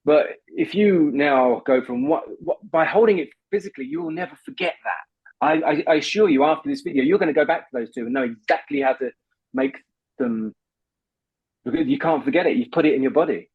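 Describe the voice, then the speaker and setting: Husky voice coach, dull dry sound. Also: male voice, a little high, a little fast, dry recording. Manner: animated, coaching, laughs often. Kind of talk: instructive conversation.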